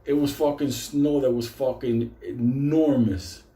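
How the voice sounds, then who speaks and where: A man telling a comic personal story in a casual, animated way, swearing constantly. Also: mid-range voice, unhurried, reverberant. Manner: heavy swearing, animated retelling.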